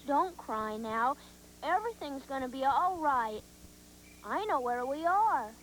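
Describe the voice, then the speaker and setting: Dumbo the young elephant, voiced by a woman is gentle and kind, with a high, soft voice. He talks slowly and reassuringly on a children's puppet show, over a faint hum. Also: expressive, low-quality recording.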